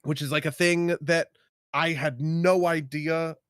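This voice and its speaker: A man's voice: on the high side, steady tone, unhurried, a bit bright, no echo, studio quality. A man co-hosting a casual podcast, rambling with many fillers and tagging his points with "right?". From United States. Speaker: podcast co-host. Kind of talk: casual chat.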